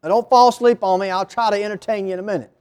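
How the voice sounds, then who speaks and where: A man's voice: high voice, steady tone, very fast, darkish tone, clear, resonant tone. A male preacher giving a storytelling sermon in a church, often calling on the congregation for amens. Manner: call-and-response, storytelling.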